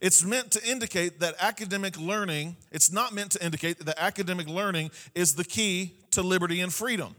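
A man's voice: high-pitched, a bit bright. A male pastor preaching a sermon, repeating key phrases and often checking in with "Amen?" to the congregation.

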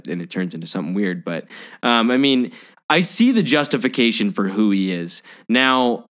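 A man co-hosting a casual movie chat, rambling with many restarts as he talks through his points. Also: sits low. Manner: rambling, full of fillers and restarts. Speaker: podcast co-host.

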